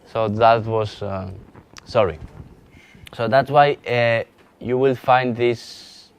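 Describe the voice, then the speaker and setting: A man with a Spanish accent teaching a live software training lesson, halting often with restarts and fillers as he demonstrates on screen. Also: medium pitch, smooth, highs cut off. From Spain. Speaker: GIS instructor.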